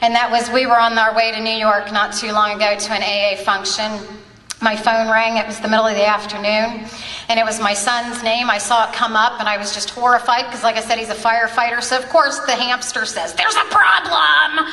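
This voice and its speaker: A woman's voice: on the high side, level tone, fairly quick, bright, forceful tone, far from the mic, a little hiss or hum. A woman in her forties, originally from Ohio, giving a heartfelt personal testimony as a convention speaker at a podium microphone. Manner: earnest, emotional storytelling. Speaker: twelve-step convention speaker. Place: large convention hall. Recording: echoey convention hall.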